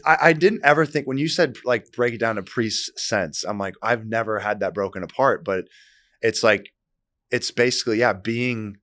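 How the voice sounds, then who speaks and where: A man hosting a podcast, telling stories in a casual, animated way with lots of fillers. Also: fairly low pitch, no echo. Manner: animated storyteller, many fillers. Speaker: podcast host.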